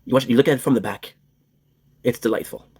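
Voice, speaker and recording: Fast-talking young man, crude banter. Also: mid-range voice, a little mellow, slightly rough. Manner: crude, rambling banter, switching between English and French. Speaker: streamer. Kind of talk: casual joking chat.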